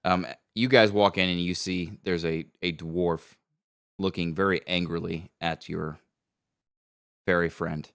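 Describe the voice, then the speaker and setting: Man game master, very deep voice, gravelly, rambling narration with fillers. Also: unhurried. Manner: relaxed, rambling, with many fillers.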